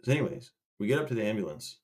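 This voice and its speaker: A man's voice: fairly low pitch, big pitch swings, very fast, darkish tone. A young man casually telling a rambling story to a live chat, swearing and restarting as he goes. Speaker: livestream host.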